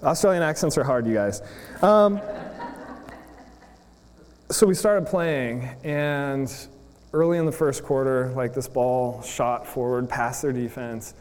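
A man's voice: mid-range voice, slow, long pauses, darkish tone, in a large hall. A man in his thirties from the United States giving a chatty sermon, telling a story with many fillers. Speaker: preacher.

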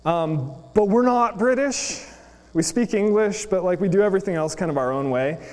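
A man's voice: sits high, animated, normal speed, darkish tone, clear, resonant tone, in a large hall. A man in his thirties from the United States giving a chatty sermon, telling a story with many fillers. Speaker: preacher.

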